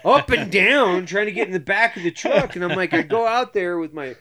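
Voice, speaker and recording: A man hosting a podcast, telling a profane, animated story in casual chat. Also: high voice, brisk, a crowd in the background. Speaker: podcast host.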